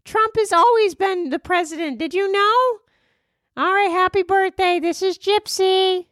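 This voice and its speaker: Woman doing a squeaky ditzy celebrity girl. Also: fairly bright tone, dry recording, clean studio sound. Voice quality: very high, sing-song and slow. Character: ditzy young woman celebrity, cheerful, airheaded. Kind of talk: comedic impression.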